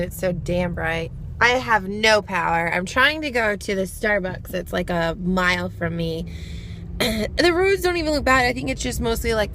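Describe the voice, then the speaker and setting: A young woman talks casually into her phone while she drives. She sounds exasperated and chatty and laughs easily. Her voice sits at a middling pitch, and a steady car rumble runs clearly underneath. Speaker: vlogger. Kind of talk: casual vlog chat. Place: in a car, driving through snow. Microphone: phone camera. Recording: car noise behind the voice.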